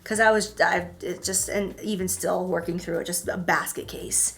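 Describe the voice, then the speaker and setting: A woman hosting a casual couple Q&A chat, animated and quick to act out her stories. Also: fairly low pitch. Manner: animated, acts out voices and stories. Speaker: host.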